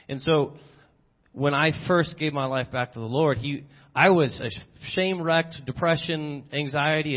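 A man preaching an earnest, personal sermon as a visiting missionary, often restarting his sentences. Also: medium pitch. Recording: dull lo-fi sermon recording.

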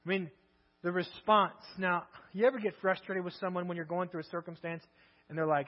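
A man's voice: sits high, little pitch movement, brisk. A male preacher giving a sermon, telling the story in a conversational way with many rhetorical questions. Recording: echoey hall, dull lo-fi sound, mains hum.

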